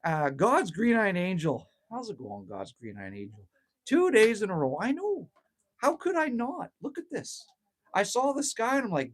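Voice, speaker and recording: Casual host, middle-aged man, rants and swears freely, animated and a little raspy. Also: extremely high pitch, measured pace. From Canada. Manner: rambling, ranting, swears freely. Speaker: livestream host. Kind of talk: casual livestream chat, reading viewer comments aloud. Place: outdoors at a cabin. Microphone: phone livestream.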